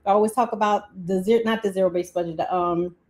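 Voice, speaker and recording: A chatty woman hosts a budgeting livestream. Her voice sits at an ordinary middle pitch, and she laughs often, breaking off her own sentences. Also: fairly even intonation, fast, a little mellow. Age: 40s. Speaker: livestream host. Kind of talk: casual live-stream teaching.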